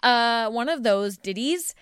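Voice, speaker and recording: A woman's voice: on the high side, expressive, slow, clear, resonant tone, no echo, studio quality. A woman co-hosting a horror podcast, playful and chatty, laughing often. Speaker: podcast co-host. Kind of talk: casual podcast chat.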